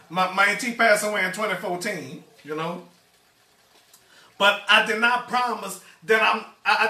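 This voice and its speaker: A man with a high, bright voice hosting a cooking live stream, chatting in a loose, rambling way and stuttering through repeated words. He sounds distant from the mic, in an echoey kitchen. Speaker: cooking show host. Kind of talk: casual live-stream chat. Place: home kitchen.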